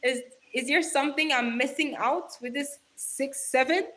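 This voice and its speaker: A woman livestreamer chatting casually, animated and laughing often as she teases and advises her viewers. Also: high-pitched, normal speed. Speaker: livestreamer reading chat.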